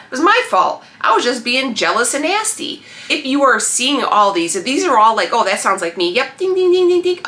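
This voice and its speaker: Bright-voiced woman giving pep talk. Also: mid-range voice. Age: 30s. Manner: animated, preachy, speaks directly to the viewer. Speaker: lifestyle vlogger. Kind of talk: motivational vlog talk to camera.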